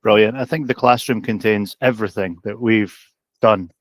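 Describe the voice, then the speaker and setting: A man's voice: lowish voice, steady tone, moderate pace, no room sound. A man co-hosting a casual update about a coaching community, upbeat and often turning to his co-host by name. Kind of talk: casual promotional chat.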